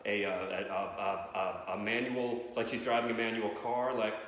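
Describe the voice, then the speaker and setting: A young man doing a rambling, excitable stand-up set in his parents' living room. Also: fairly low pitch, moderate pace, very echoey, long reverb tail. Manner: rambling, self-interrupting and excitable. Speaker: stand-up comedian.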